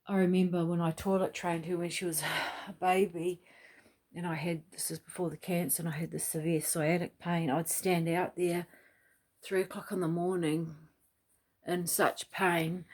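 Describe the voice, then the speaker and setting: A middle-aged woman rambles through a casual home vlog, drifting from topic to topic. Her voice sits slightly low with a husky, breathy edge. She talks loosely and swears casually, as if to herself. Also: little pitch movement, normal speed, darkish tone. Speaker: vlogger. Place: small home unit, kitchen.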